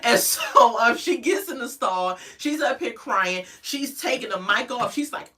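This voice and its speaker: A woman speaking gossips through a reality-show recap in a bright, high, very lively voice, with sassy asides and frequent laughter. She sits a little back from the mic. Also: measured pace, far from the mic. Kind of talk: casual recap chat.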